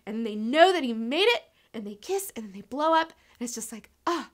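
A woman's voice: a little high, animated, a little fast, few pauses. A young woman casually reviewing comics, enthusiastic, swearing freely and saying "like" a lot.

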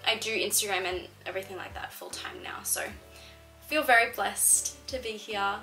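A woman's voice: mid-range voice, normal speed, sharp tone, faint music behind, rough recording. A young Australian woman answering viewer questions in a casual vlog, chatty and full of "like". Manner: chatty, fills speech with "like". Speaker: fitness content creator.

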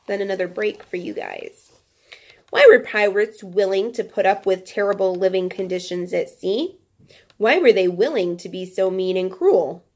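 A woman teacher reading a children's nonfiction book aloud to her class, breaking off for chatty, playful asides. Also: medium pitch.

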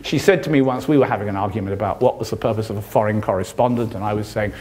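An older British man, a journalist, delivers a passionate public lecture in a university hall, impassioned and sardonic. He speaks rapid-fire in a darkish tone, and his pitch swings widely as he stresses points.

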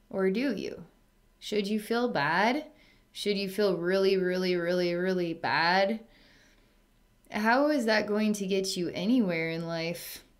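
A young adult woman speaking as a psychic healer, her voice at an ordinary middle pitch for a woman. She talks to an unseen client in a soothing, chatty way, full of fillers and soft laughs. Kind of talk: spoken distance healing session.

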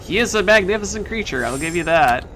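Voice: medium pitch, expressive, a little fast, fairly bright tone, a little hiss or hum. A gamer playfully commenting on a puzzle game while playing, chatting to the characters on screen. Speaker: let's play gamer. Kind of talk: casual gameplay commentary. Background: faint game music.

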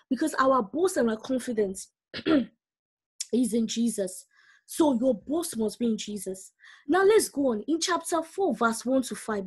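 A woman's voice: high voice, darkish tone, slightly rough. A woman preaching a sermon, reading scripture aloud and urging her listeners directly.

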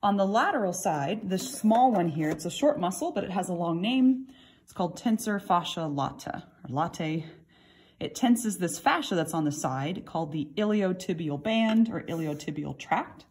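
Breathy woman teaching anatomy. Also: lowish voice, animated, moderate pace, darkish tone. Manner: patient, explanatory, handles a model while talking. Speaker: anatomy instructor. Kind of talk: recorded lab lesson.

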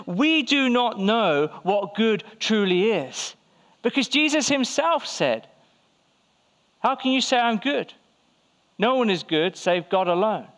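A man's voice: sits high, fairly bright tone, clear, resonant tone. A man pastor preaching a conversational sermon to his church, firing rhetorical questions and acting out quoted voices. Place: church hall.

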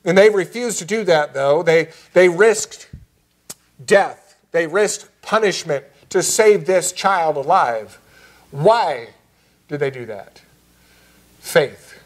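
A man preaching as pastor in a church, earnest and measured, slowing down on key phrases. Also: fairly high pitch, lively intonation. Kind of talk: sermon. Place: church sanctuary.

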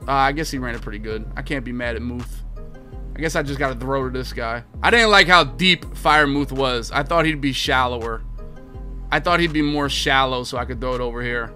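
Bright-voiced man ranting over gameplay. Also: fairly quick, clear, resonant tone, soft background music. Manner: swears often, swings from low muttering to loud exasperated outbursts. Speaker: gaming video creator. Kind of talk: live gameplay commentary.

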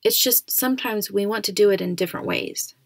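A woman reading aloud, voicing a playful father who teases and jokes excitedly. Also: medium pitch, a little fast, gravelly, no room sound. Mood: reassuring. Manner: excitable, teasing.

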